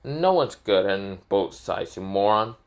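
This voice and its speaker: A man voicing a cocky, ruthless young male ninja who taunts slowly in a casual fan retelling. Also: fairly low pitch, animated. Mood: cold.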